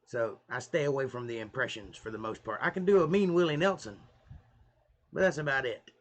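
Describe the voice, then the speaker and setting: A man's voice: mid-range voice, fairly quick. A man with a Southern US accent, chatting and joking with viewers on a live stream. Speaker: musician hosting a live stream. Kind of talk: casual live-stream chat.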